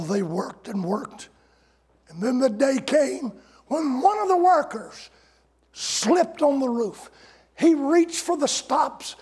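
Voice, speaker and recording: Husky high-voiced preacher, slow and drawn out, folksy sarcasm, shouts on the big points. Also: male voice. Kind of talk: sermon.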